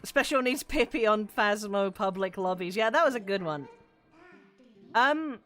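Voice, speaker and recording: A woman streamer talks casually while gaming, rambling and swearing freely with plenty of fillers, in a voice she describes as androgynous. Her pitch sits mid-range, with expressive delivery, a measured pace, and a slightly bright tone.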